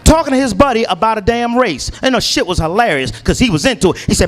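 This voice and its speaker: A male stand-up comedian telling stories in a profane, animated way. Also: high voice, fast talker, hardly any pauses, a little hiss or hum.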